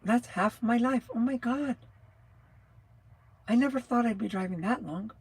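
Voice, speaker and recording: On her livestream, a sixty-something truck driver from New Mexico chats and rambles in a scratchy, rattly voice that here runs on the high side, a little slow, with a breathy edge. She keeps losing her train of thought and laughs a lot.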